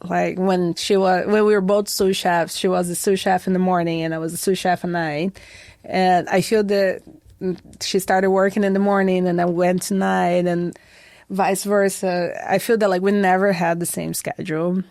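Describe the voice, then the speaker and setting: Brazilian woman, young adult guest, gravelly voice, dry close sound, chatty storyteller. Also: lowish voice, normal speed, no echo. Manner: lively storytelling, acts out quoted voices, many "like" and "I feel that" fillers. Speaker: podcast guest, head bartender. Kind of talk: casual interview chat.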